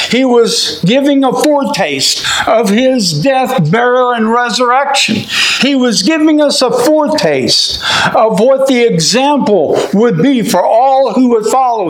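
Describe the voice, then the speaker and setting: A man preaching a sermon with an emphatic, drawn-out cadence. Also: sits high, echoey room, poor audio.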